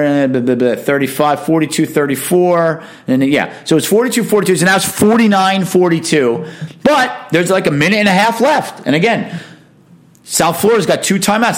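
A man hosting a casual sports talk show, giving emphatic, opinionated commentary in a chatty monologue. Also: sits high.

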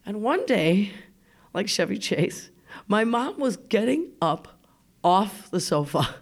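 A woman's voice: medium pitch, very animated, takes it slowly. Chatty woman telling a funny story. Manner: chatty, laughs often, acts out remembered voices. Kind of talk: live radio personal storytelling. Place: radio studio.

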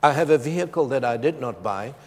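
A middle-aged man from Zimbabwe preaching a sermon, swinging from loud, emphatic lines to hushed, soft ones. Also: mid-range voice, expressive, a little fast, in a large hall.

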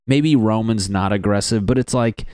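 A man's voice: fairly low pitch, moderate pace, darkish tone, clean tone, dry recording. A man doing a casual, crude comedic monologue as a podcast host, rambling and laughing at his own jokes.

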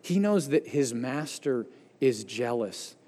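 A man preaching a sermon as pastor, swinging from loud, emphatic bursts down to hushed endings. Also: mid-range voice, lively intonation, slow pace, long reverb tail. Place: church sanctuary.

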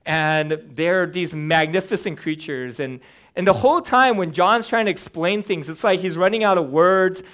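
A young man preaching in an easygoing, conversational way, animated and joking at times. His voice is smooth and clear, sitting a little high for a man. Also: moderate pace. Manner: conversational, animated, with fillers and humor. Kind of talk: casual sermon.

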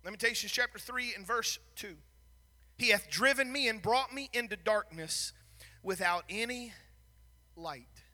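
A male pastor with a very high, piercingly bright voice, preaching with fervor that swings between hushed confession and loud shouts. His sermon carries a long reverb in a church sanctuary. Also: a little slow.

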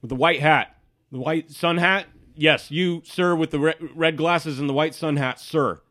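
A man's voice: fairly high pitch, steady tone, normal speed, fairly bright tone, pitched above the performer's own voice, lightly acted. A man voicing a fussy, overpolite male city guard who keeps calling people sir. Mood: insistent. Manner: nervous, repeats "sir" insistently.

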